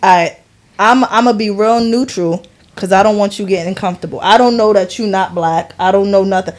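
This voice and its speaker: A woman's voice: medium pitch, a little fast. A woman co-hosting a podcast, talking candidly in casual slang and nodding along with short agreements. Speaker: podcast co-host.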